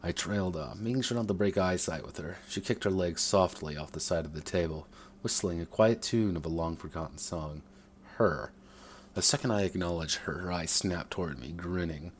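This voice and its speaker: A man's voice: sits low, moderate pace, slight background noise. A man reading his own first-person story aloud, sometimes stumbling and rereading phrases.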